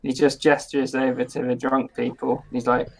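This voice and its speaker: Man, tabletop player, matter-of-fact, flat delivery, gravelly, husky. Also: mid-range voice, normal speed, low-quality recording. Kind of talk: declaring his character's actions.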